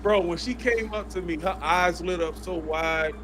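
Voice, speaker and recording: A man on a podcast telling laid-back stories in slangy, rambling talk. His voice is quite high for a man. Faint noise sits in the background. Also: moderate pace, a bit bright. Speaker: podcast guest. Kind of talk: casual storytelling.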